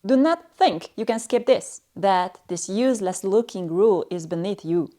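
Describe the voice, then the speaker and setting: A woman teaching a language in a stern, cold, condescending manner, speaking in slow, clipped phrases with pauses between them. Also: medium pitch, expressive, mellow. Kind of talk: scripted lesson narration.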